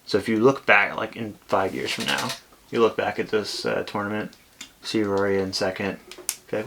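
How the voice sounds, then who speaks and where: A man's voice: lowish voice, normal speed, creaky, fairly bright tone, slight background noise. A man co-hosting a podcast, chatting casually and telling stories with lots of fillers. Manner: laid-back storyteller, trails off with fillers. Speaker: podcast co-host. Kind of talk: casual chat.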